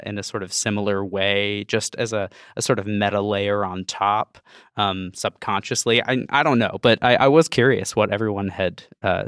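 A man with a bright, crisp voice and a low pitch asks a group about a film over a video call. He talks hesitantly and uses many fillers, and his voice is recorded dry. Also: dry recording. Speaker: podcast panelist.

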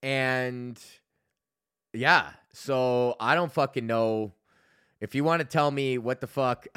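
A man's voice: mid-range voice, slow, fairly bright tone, clear, resonant tone, dry recording, studio quality. Profane rambling man in his thirties. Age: 30s. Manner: rambling and profane, with many fillers. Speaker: podcast host. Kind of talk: casual solo rant.

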